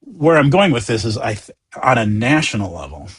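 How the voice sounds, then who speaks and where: Husky-voiced man, gentle and earnest. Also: medium pitch, fairly quick. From United States. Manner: earnest, gentle, animated, often voicing inner thoughts. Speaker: Zen teacher guest. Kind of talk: reflective conversation.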